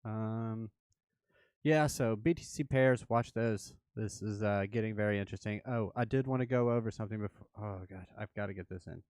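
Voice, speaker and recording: A young man hosting a casual crypto livestream, talking through charts in a relaxed, hesitant way with many fillers. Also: fairly low pitch, normal speed, dry recording.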